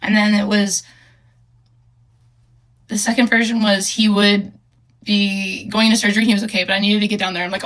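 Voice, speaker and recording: Bright-voiced young woman, halting and earnest. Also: mid-range voice, level tone. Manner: halting, hesitant, with many fillers and restarts; emotional, earnest. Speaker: storyteller. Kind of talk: casual personal storytelling.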